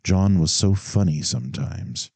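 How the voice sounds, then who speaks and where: Deep, mellow male audiobook narrator. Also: measured pace, breathy edge, dry recording. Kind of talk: scripted narration.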